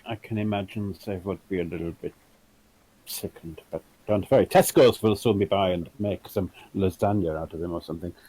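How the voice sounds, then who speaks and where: A man joking deadpan as a player in a tabletop game. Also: sits low, brisk, slightly rough, poor audio.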